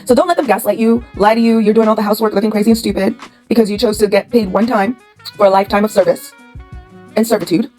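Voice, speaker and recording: Brief: a woman commentator who talks fast and lectures bluntly straight to camera, with soft music underneath. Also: medium pitch, steady tone, low-quality recording. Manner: blunt, lecturing, full of rhetorical questions. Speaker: commentary channel host.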